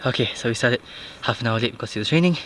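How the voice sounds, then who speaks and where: A man's voice: medium pitch, racing, heavy background noise. A man narrating his own mountain hike on a handheld camera, out of breath and talking in a matter-of-fact way as he climbs outdoors. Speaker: vlogger. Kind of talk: hiking vlog narration.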